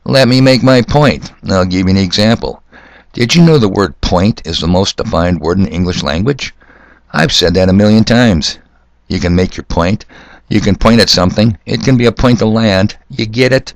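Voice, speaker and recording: A man's voice: lowish voice, moderate pace, no room sound. An older man hosting a solo podcast, talking in a sardonic, ranting way. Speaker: podcast host. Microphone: corded mic.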